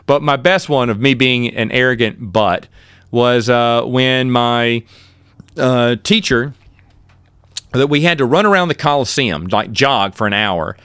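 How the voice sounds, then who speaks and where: A middle-aged man, host of his own podcast, casually telling rambling, self-deprecating stories and jumping up high in pitch when he quotes himself. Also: measured pace, smooth, no echo. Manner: animated, with sudden jumps in pitch when quoting himself. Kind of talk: casual storytelling.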